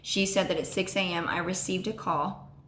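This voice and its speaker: A woman telling a personal story on a vlog, halting and full of ums and restarts. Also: lowish voice, steady tone, a bit bright, roomy sound. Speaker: vlogger.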